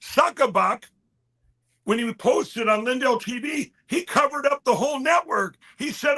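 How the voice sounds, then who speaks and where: High, bright-voiced man rambling excitedly. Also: a little slow. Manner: animated, quotes others in mid-story, frequent restarts. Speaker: guest. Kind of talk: rambling conversational storytelling.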